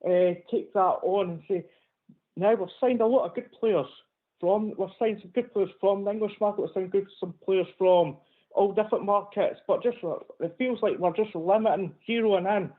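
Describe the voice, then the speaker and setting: Caller on a phone line, high voice, tinny, measured with some ums. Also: male voice. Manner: measured, explains his point with hesitations. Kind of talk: phone-in call.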